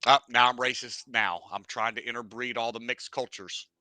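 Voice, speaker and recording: A man's voice: mid-range voice, fairly even intonation, normal speed, sharp tone, clean tone, no room sound. A man from the United States hosting a casual podcast, rambling and joking with a lot of profanity. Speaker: podcast host.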